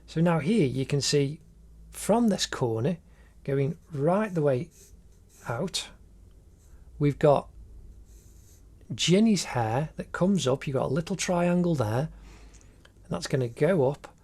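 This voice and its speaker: This art teacher's voice sits on the high side, dark and husky, and he speaks slowly with frequent pauses yet sounds animated. Narrating while he draws, he walks through a tutorial one step at a time, cheering the viewer on.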